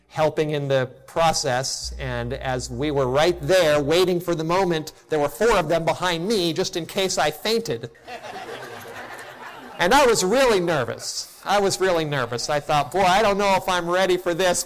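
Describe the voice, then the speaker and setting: A middle-aged man preaching a sermon to a congregation, telling a personal story in an earnest way that drops to a hush at tender moments. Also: fairly high pitch. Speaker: pastor.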